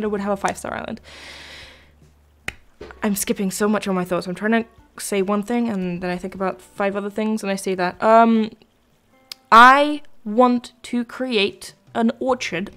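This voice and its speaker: A woman's voice: medium pitch, fairly bright tone. A young woman chatting casually while live-streaming a video game, rambling between thoughts and answering her chat.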